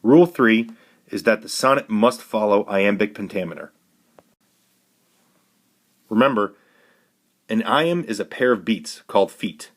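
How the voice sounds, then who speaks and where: Measured male teacher, lower voice. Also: expressive. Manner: clear, measured, instructive. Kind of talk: recorded classroom lesson.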